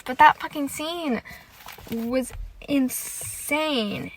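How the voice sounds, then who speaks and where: Bright, gushing young woman podcaster. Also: a little high, normal speed, a little hiss or hum. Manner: gushing, excitable, heavy use of "like" and swearing. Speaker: podcast host. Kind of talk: casual solo podcast chat about a TV show.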